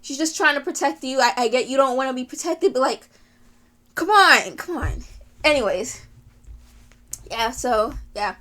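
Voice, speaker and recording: A woman's voice: high-pitched, normal speed, a bit bright. A woman giving a rambling, gushing anime rant, with frequent sighs, laughs and fillers. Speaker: anime video creator.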